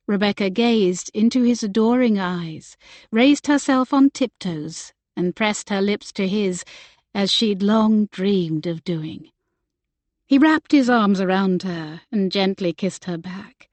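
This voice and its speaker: A woman narrating a romance novel in a gentle storytelling manner. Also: medium pitch, slow, dry recording. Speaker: audiobook narrator. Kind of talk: scripted narration.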